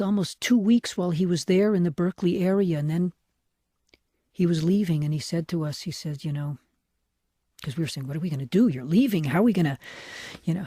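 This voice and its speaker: An older man, a rabbi, telling a personal spiritual story in a soft, reflective way, often dropping to a hushed whisper. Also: high-pitched, no echo, clean studio sound. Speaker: rabbi teaching.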